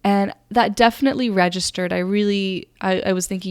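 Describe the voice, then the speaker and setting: A young woman host tells a personal story in an earnest, rambling way, with lots of fillers. Her voice is gravelly with frequent fry at a middle pitch. The recording is dry and close, with no room sound. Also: fairly even intonation, brisk, hardly any pauses, dry recording. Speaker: podcast host. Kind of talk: casual storytelling monologue.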